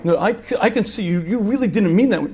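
A flustered husband hurrying to calm his wife down, his voice raised and pitched high as a man puts him on. He placates her in quick, repeated assurances. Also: slightly rough. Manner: flustered, hurried reassurance. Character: placating middle-aged husband.

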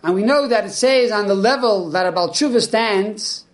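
A man with a high-pitched voice delivers a religious lesson. He tells stories with energy and slips into the voices of the people in them. His teaching is earnest and explanatory. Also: normal speed. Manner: animated storyteller who acts out the people in his stories. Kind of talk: spoken Torah lesson.

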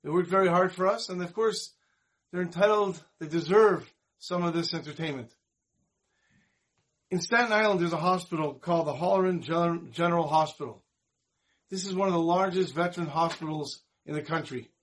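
A man teaching a Torah class, telling a moral story in an animated storyteller's manner. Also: on the high side, normal speed. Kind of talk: storytelling lesson.

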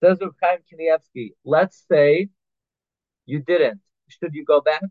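Man as a Torah teacher, middle pitch, phone-like sound, dry. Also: unhurried, no echo. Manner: reads Hebrew phrases then explains them in English, with restarts and fillers. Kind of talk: halacha class, translating Hebrew text line by line. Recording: tinny phone-like line, dry.

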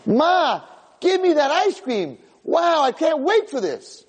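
A man's voice: sing-song, unhurried, warm tone, slightly rough, exaggerated voice. A man voicing a young boy eagerly begging his mother for ice cream. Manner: high, eager pleading.

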